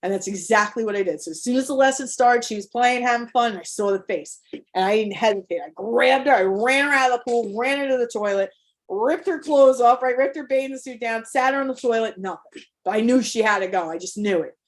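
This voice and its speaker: A woman's voice: on the high side, brisk. A middle-aged woman leading an online workshop, telling a candid, emotional personal story with many restarts. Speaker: workshop host, parent coach. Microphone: video call.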